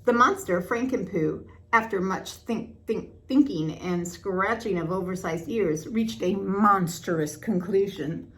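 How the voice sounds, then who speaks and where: An older woman narrating a children's storybook aloud, her reading lilting and expressive. Her voice sits at an ordinary middle pitch for a woman. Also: a little slow, few pauses.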